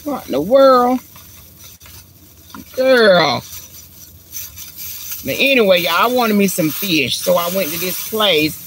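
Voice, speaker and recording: Folksy woman chatting on a live stream from her car, phone in hand, middle pitch. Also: animated, slow pace, long pauses, a bit bright, a little hiss or hum. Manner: chatty and folksy, calls viewers girl and honey. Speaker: vlogger hosting a live stream. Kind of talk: casual live-stream chat. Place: inside a parked car. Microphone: handheld phone camera.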